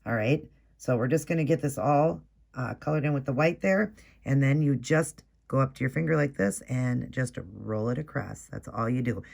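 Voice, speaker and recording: A man's voice: medium pitch, gravelly, darkish tone. A man hosting a casual, chatty step-by-step nail art tutorial, explaining each move as he works. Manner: chatty, explains while working, quick apologies.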